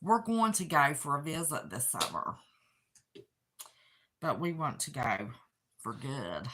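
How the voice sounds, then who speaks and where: This channel host, a West Virginia woman in her 60s, chats with her livestream audience from her apartment, and the conversation is casual but emotional. Her voice is deep and very animated, she speaks slowly, and noise can be heard behind her.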